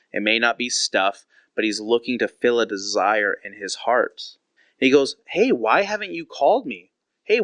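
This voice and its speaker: A man's voice: mid-range voice, fairly bright tone, no echo, dull audio. A man in his thirties, a pastor, preaching in a candid storytelling way and acting out quoted conversations.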